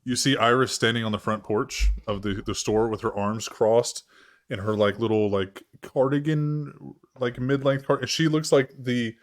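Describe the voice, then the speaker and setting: A man's voice: mid-range voice, steady tone, normal speed. A man running a tabletop role-playing game as game master, narrating in a loose, rambling way full of fillers and casual swearing.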